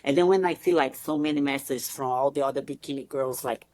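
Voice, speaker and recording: A woman in her thirties from Brazil with a Brazilian Portuguese accent, a podcast guest telling her story in a lively way, filling her talk with "you know, like". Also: very deep voice, fast talker, hardly any pauses, dry recording. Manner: animated, acts out quoted voices, many "you know, like" fillers. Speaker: podcast guest, bikini competitor. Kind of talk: casual interview storytelling.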